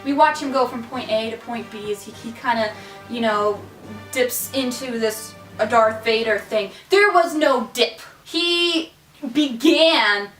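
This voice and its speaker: A woman's voice: a little high, unhurried, a bit bright, distant mic, faint music behind. A woman reviewing a film in a casual chat, blunt and sarcastic. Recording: roomy, away from mic.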